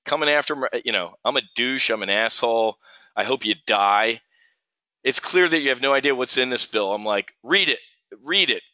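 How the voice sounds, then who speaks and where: A man's voice: mid-range voice, a little fast, pushed and bright, no echo. A middle-aged man from New Jersey hosting a live options trading stream, ranting and replying to viewers in chat by name. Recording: dull lo-fi stream audio.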